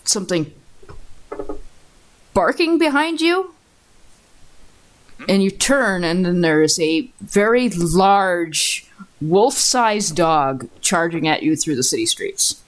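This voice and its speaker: A woman narrating as dungeon master of a tabletop game, relaxed and laughing often. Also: fairly low pitch, slow pace, long pauses. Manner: relaxed, laughing, swears casually.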